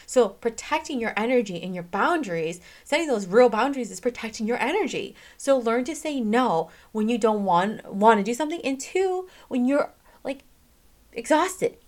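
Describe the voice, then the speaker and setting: A woman's voice: a little high, normal speed. Emphatic chatty woman giving life advice. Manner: emphatic, chatty, frequent "okay?" and "freaking"; animated, swings in pace and loudness, laughs often. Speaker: self-help podcast host. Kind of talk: casual motivational talk.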